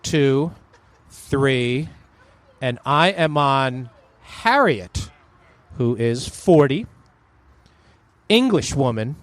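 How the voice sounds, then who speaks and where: A man hosting a podcast, chatting in a joking, animated way. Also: medium pitch, extremely slow, long pauses, no echo. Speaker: podcast host. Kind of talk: casual chat.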